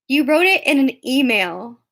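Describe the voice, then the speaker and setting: A woman's voice: sits high, big pitch swings, unhurried, vocal fry, a bit bright. A young woman streaming live who chats casually with viewers in a teasing, mocking way. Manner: teasing, mocking, often laughing. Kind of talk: casual livestream chat.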